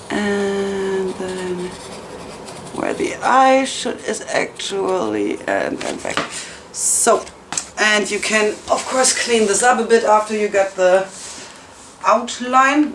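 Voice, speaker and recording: A chatty woman talks through a craft tutorial in a loose, rambling, self-mocking way. She sits back from the microphone in a roomy space at home. A steady hiss of noise runs under her voice. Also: medium pitch, gravelly. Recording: roomy, distant, noisy home recording.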